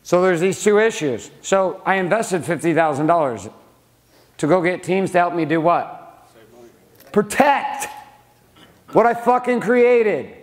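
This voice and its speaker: Here a middle-aged man with a slightly high voice and a moderate pace gives a live audience of men a profane, no-nonsense motivational talk on business. He curses liberally and keeps challenging the room with questions.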